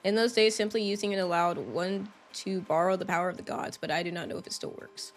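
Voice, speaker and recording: A woman's voice: fairly low pitch, quick pace, natural voice. A woman reading the lines of a wise old male talking boat from a video game aloud in a plain voice. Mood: solemn.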